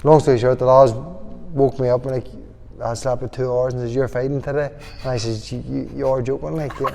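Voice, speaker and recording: A young man with a Northern Irish accent rambles through stories in a loose, laughing way. His voice sits in the middle of the pitch range for a man. It carries a long reverb, like a big hall. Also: little pitch movement, fairly quick, creaky, dark tone. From Northern Ireland. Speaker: boxer guest. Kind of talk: casual interview chat.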